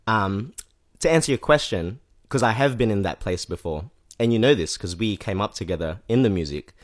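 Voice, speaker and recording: This low-voiced man, a rapper appearing as a podcast guest, chats casually at normal speed with lively intonation. His talk rambles and self-corrects, stuffed with fillers.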